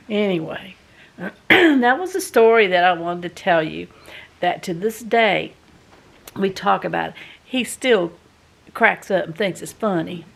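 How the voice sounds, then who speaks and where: A woman's voice: fairly low pitch, vocal fry. A woman vlogger, telling a folksy home story to the camera in a chatty way. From American South. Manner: chatty, folksy, animated when retelling. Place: home in a doublewide.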